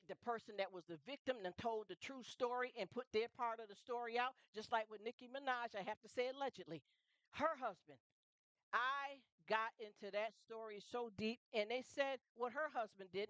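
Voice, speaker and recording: A woman's voice: fairly high pitch, normal speed, a bit bright, dry recording, dull audio. A middle-aged woman hosting a casual livestream chat, emphatic and repetitive, often asking her audience if they understand. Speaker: livestream host.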